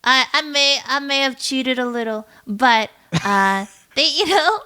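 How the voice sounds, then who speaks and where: A woman's voice: high voice, measured pace, pushed and bright, clear, resonant tone. A woman guest, a VTuber, chatting playfully in an interview and laughing often. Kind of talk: casual interview chat.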